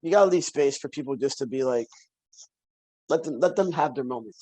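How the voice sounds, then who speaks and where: A man guesting on a podcast, chatting casually as an animated storyteller who repeats phrases for emphasis. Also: mid-range voice, a little fast, low-quality recording. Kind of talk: casual conversation.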